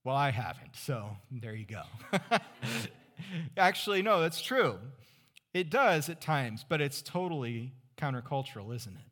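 A pastor from California's Central Valley preaches in a conversational way, asking the congregation rhetorical questions and dropping to a hush for emphasis. His mid-range voice is sing-song and a bit slow.

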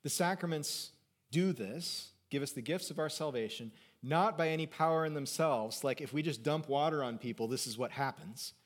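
This pastor's voice is a little high and his speed normal. He preaches with animation, alternating forceful emphasis with quiet, conversational remarks, and trades jokes with his congregation.

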